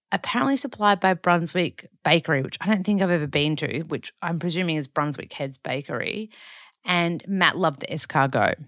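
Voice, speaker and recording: Chatty Australian woman, low voice. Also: a bit bright, dry recording, studio quality. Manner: chatty, rambling with self-corrections. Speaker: podcast host. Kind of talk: casual weekly diary chat.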